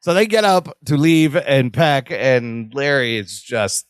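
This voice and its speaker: A man's voice: takes it slowly, dry recording, clean studio sound. A man co-hosting a podcast, recapping a sitcom in casual chat and acting out the lines with big jumps in his voice. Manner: animated, acts out lines with big pitch jumps, laughs a lot. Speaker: podcast co-host.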